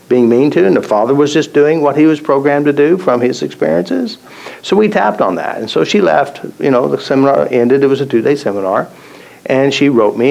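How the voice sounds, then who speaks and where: Male seminar host, mid-pitched, storytelling delivery, repeats himself for emphasis. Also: vocal fry, a little mellow, rough recording. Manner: storytelling, repeats phrases, acts out quotes. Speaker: tapping therapy teacher. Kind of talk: live seminar talk with stories.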